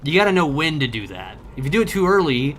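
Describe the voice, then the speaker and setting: A young man livestreaming a game, bantering loudly and profanely with his chat and joking around. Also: on the high side, big pitch swings, fast talker, a little hiss or hum. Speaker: streamer. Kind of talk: casual livestream chat while gaming.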